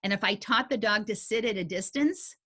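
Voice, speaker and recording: A woman's voice: medium pitch, brisk. Folksy woman teaching dog agility. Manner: folksy and animated, with homey grammar. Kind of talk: conversational teaching talk.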